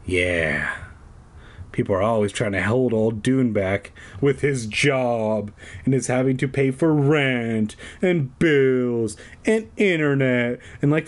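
A man's voice: medium pitch, lively intonation, slow. A man reading a children's horror book aloud in a comedic way, breaking off into sarcastic, profane rants. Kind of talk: comedic read-aloud with ranting asides.

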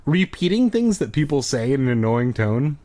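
A man's voice: mid-range voice, very animated, normal speed, mellow. A young man hosting a comedy podcast, reading a story aloud and breaking off into joking, rambling asides. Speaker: podcast host. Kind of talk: casual comedic reading and commentary.

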